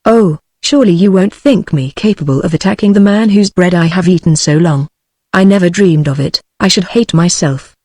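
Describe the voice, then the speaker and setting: A British woman text-to-speech voice reading the part of a gentle, feeble and miserable young man, without changing voice. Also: lowish voice, moderate pace, no room sound, clean studio sound, lightly acted. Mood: pleading. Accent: British English. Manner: plain synthetic reading, no change of voice.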